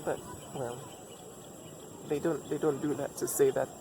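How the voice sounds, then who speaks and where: A man talks through relationship advice in a thoughtful, personal monologue at a mid-range pitch. He leans on repetition and rhetorical questions to drive his points home, while a steady hiss of background noise runs under his voice. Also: measured pace. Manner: reflective, repeats lines for emphasis, asks rhetorical questions. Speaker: vlogger giving relationship advice.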